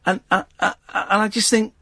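A man's voice: high-pitched, little pitch movement, fairly quick, vocal fry, pushed and bright, slightly rough, no echo, studio quality. A middle-aged man hosting a late-night radio phone-in, jokey and rambling with mock indignation. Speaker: radio host. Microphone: studio mic.

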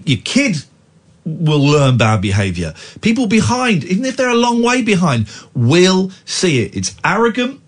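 Male late-night radio host, husky and animated, indignant ranting. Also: a little high.

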